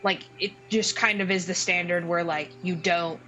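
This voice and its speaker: A woman narrating a tabletop game as game master, unhurried, with many fillers and restarts. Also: on the low side, fairly even intonation, pushed and bright, slight background noise, poor audio.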